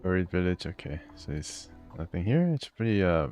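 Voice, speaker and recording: A man with a very low voice talks through a video game, reading the text aloud and musing to himself. Faint music plays underneath. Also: sing-song, fairly quick. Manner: reads game text aloud, thinks out loud with fillers and laughs. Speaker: gamer. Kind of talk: let's play commentary.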